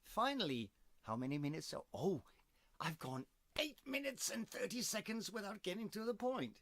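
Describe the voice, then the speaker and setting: A man, hoarse from coughing, casually rambling through a voice demonstration and making puns as he goes. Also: high voice, big pitch swings, moderate pace, fairly bright tone, no room sound. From Denmark. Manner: digressive, punning, playful. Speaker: video host demonstrating a voice technique.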